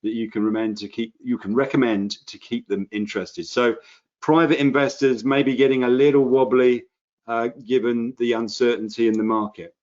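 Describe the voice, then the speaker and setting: A man's voice: medium pitch, flat delivery, fairly quick, darkish tone. A man, co-hosting an online session, reading out questions and making dry, teasing remarks. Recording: dull lo-fi online call audio.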